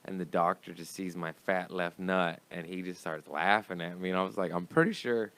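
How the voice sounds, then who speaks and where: A man's voice: low-pitched, flat delivery, brisk, sharp tone. A young man, a comedian guest, telling a profane, rambling story in casual chat.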